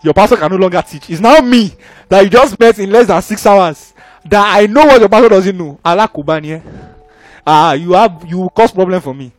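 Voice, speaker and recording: A young man preaching a sermon in an animated, conversational way, often checking that listeners follow. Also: high-pitched, a little fast, no echo, faint music behind.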